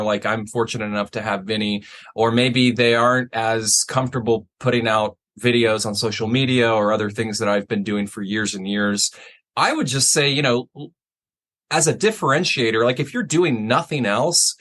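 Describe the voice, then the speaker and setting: A man's voice: medium pitch, fairly bright tone. A man talking as a guest on a business podcast, chatty and loose, full of "like" and "you know". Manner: casual, lots of "like" and "you know". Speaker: guest, wealth manager. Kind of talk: casual interview.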